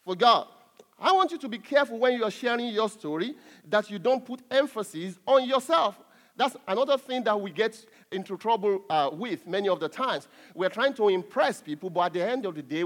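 A man with a high voice preaches with emphatic force. He swings between raised exhortation and soft, chuckling asides, in the steady cadence of a sermon.

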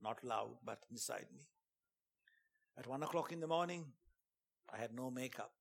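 A man preaching a sermon and telling a dramatic testimony, dropping to a hush and then rising to shouts. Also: mid-range voice, moderate pace, creaky. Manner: dramatic storytelling, swings from hushed to shouting; preaching with emphatic call-outs.

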